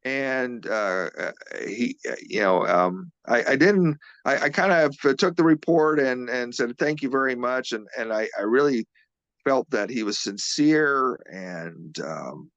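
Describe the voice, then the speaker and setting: A man, a physical therapist, being interviewed as a guest and earnestly retelling a witness's story, halting and restarting often. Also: medium pitch, animated, a bit bright, no room sound, lo-fi sound.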